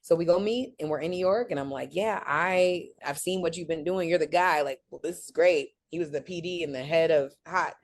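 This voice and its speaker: Give me a woman with a low voice, animated and chatty, telling stories as an interview guest. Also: brisk, hardly any pauses. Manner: animated, quotes people in lively voices. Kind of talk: storytelling in a casual interview.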